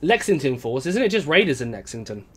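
A man's voice: fairly high pitch, big pitch swings, a little fast. A young man casually commenting while he plays a game on a live stream, rambling and chatting to viewers. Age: young adult. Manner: rambling, chatty, reads out chat.

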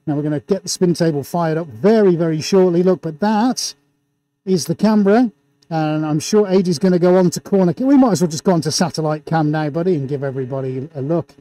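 Man, live art stream host, mellow tone, excitable showman, muffled by face mask, indoor studio. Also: fairly high pitch, fairly quick, dry recording. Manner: hyped, showman-like, reading out viewer shout-outs. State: talking through a face mask. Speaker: livestream host and painter.

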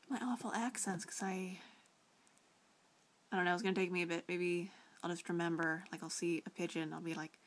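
A woman's voice: lowish voice, steady tone, normal speed, pauses often, a little hiss or hum. A young woman vlogging a casual reply to a friend, rambling with lots of fillers and restarts, often giggling.

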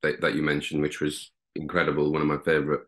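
Young northern english guy, low voice but bright, rambles with lots of likes and you knows. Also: monotone, quick pace. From Durham, England. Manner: rambling, many fillers and restarts. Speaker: guest actor. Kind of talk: casual interview.

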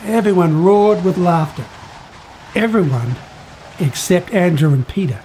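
A man telling a Bible story to children in an expressive, storytelling way. His voice sits fairly high for a man. Faint noise hums behind him. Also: measured pace, long pauses, rough recording.

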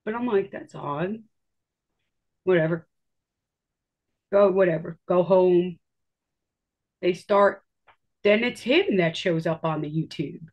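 A woman, interviewed about her own life, tells her story in an easy, conversational way, acting out her reactions and swearing offhandedly. Her voice is lowish and slow, with frequent pauses, and the recording sounds lo-fi.

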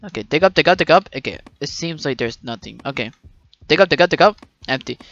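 A gameplay commentator who swings between loud, sweary yelling at the game and low muttering to themself. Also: expressive, fast, muffled recording. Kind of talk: let's play commentary.

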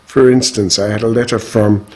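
A husky, low-pitched older man telling his own story in an interview. He speaks in a measured and frank way, with firm opinions. His voice has a breathy grain throughout. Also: fairly even intonation, mellow. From Australia. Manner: measured, frank, strong views. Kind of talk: reflective personal storytelling.

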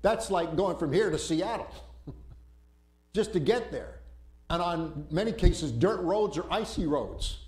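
A man preaching a sermon, telling a story in an animated way and acting out panicked voices. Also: high voice, a little slow. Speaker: pastor. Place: church sanctuary. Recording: roomy church echo.

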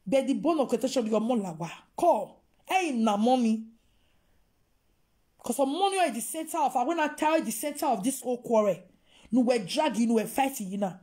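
Nigerian woman vlogger, high voice, emphatic scolding rant. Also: animated, brisk, dark tone. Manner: emphatic, scolding, mixing Pidgin with local-language phrases. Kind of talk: impassioned monologue to viewers.

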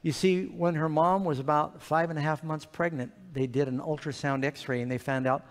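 A man telling an animated, playful story sermon to children in a large church hall. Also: a little high, moderate pace. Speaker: preacher. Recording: reverberant hall.

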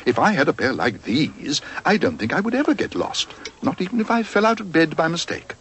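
A man's voice: fairly high pitch, very animated, a little fast, a bit bright, slight background noise, voice pushed up. A man voicing a small, polite but stubborn young bear in a cartoon storybook, earnest and indignant.

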